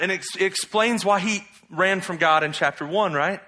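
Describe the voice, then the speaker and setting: A man preaching a sermon as pastor, reading scripture and acting out quotes with lively, mocking emphasis. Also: high-pitched, moderate pace, hardly any pauses. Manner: animated, mocks in exaggerated voices while quoting.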